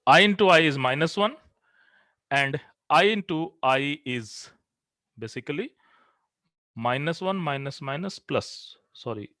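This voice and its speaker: A physics lecturer with a highish, expressive voice speaks a little slowly, leaving long pauses, his tone bright and forceful. In the classroom he works through equations step by step, asking the class questions he then answers himself. There's no room sound.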